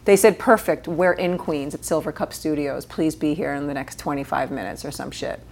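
A woman's voice: deep voice, steady tone, normal speed, creaky, slight background noise. A middle-aged woman from New York, a guest actress telling stories at home in a casual interview, swearing freely and laughing mid-story.

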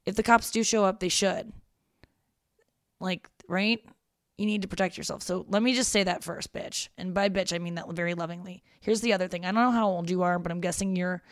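A woman's voice: lowish voice, no room sound, studio quality. A young woman hosting a casual advice podcast, frank and profane, talking a listener through heartbreak in a reassuring way. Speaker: podcast host giving advice.

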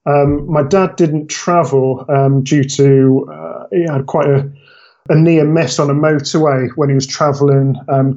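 A man's voice: medium pitch, a little mellow. Polite Bristol man, muffled sound. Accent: Bristol, mixed. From Bristol, England. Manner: polite, hesitant with many ums. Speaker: podcast guest. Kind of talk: casual interview.

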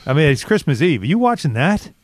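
A man hosting a sports radio show in casual, animated banter, with a New York accent. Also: fairly high pitch, dry recording, studio quality. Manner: animated, quick banter with co-hosts. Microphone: studio microphone.

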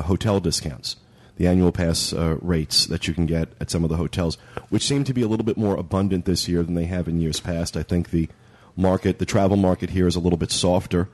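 A man's voice: deep voice, darkish tone. A man hosting a podcast in casual chat, talking in a chatty, rambling way. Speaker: podcast host.

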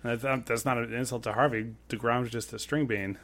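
A man's voice: medium pitch, steady tone, a little fast, a bit bright. A man co-hosting a sports podcast, musing and joking in hesitant, casual talk. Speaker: podcast co-host.

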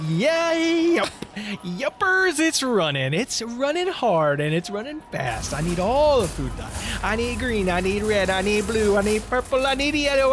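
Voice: mid-range voice, big pitch swings, moderate pace. A performer in a rambling comedic monologue, talking in loops and repeating phrases, growing frantic and cursing. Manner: rambling, repetitive, frantic, swears a lot. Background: music.

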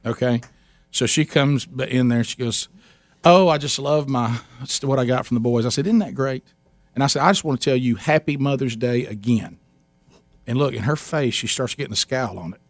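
At a moderate pace and medium pitch, a man hosting a talk show works through a long, comic family anecdote. Full of restarts, his animated, casual storytelling includes acted-out quotes from his wife, with no room sound.

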